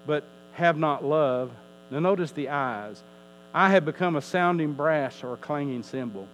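A man's voice: on the high side, a bit bright, highs cut off, slight background noise. A male pastor preaching a sermon, emphatic, his voice rising and falling, often repeating words as he teaches.

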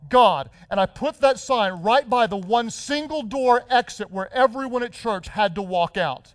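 A man's voice: high-pitched, moderate pace, hardly any pauses, no room sound. A middle-aged male pastor preaching a sermon, telling a story with repeated words and self-corrections, then building to a rousing, repetitive cadence.

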